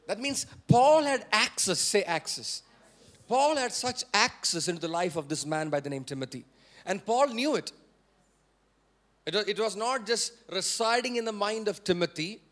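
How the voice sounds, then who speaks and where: A male pastor with an Indian English accent preaching a sermon, repeating phrases and prompting the congregation to say words back, rising to forceful emphasis. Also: high voice, expressive, normal speed. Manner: repetitive, call-and-response preaching.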